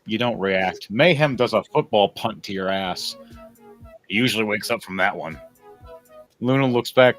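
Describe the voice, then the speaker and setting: A man narrating a tabletop game as game master, lively and building up each scene. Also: on the low side, normal speed, long pauses, soft background music.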